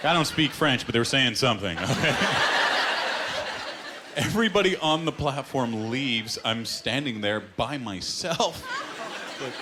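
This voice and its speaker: A man doing stand-up, his voice sitting at an ordinary middle pitch as he builds each story toward the punchline. He puts on quick voices for the people he quotes. Loud audience laughter rolls in between the lines. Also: expressive, a loud crowd, very noisy. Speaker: stand-up comedian. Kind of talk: stand-up comedy set. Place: comedy club stage with live audience. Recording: live stage recording with loud audience laughter. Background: audience laughter and clapping.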